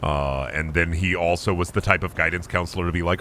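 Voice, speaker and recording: A man's voice: low-pitched, steady tone, fairly quick, bright, forceful tone, slight background noise. A man giving casual, joking gameplay commentary on a stream, sarcastic and profane.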